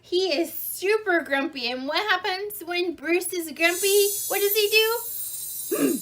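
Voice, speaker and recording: A woman reading a children's storybook aloud in an interactive read-along, animated, asking the listener questions and explaining words simply. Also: very high-pitched, takes it slowly.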